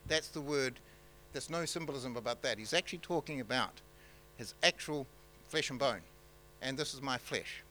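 NZ male pastor, bright forward tone, halting off-the-cuff sermon delivery, faint hum behind. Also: mid-range voice, low-quality recording. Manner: halting, many fillers and restarts, conversational.

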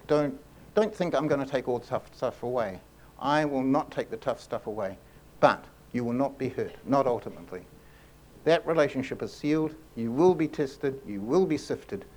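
A man preaching a sermon in an earnest way, often repeating and restarting phrases and slowing down to stress key lines. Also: medium pitch, a little mellow. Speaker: pastor.

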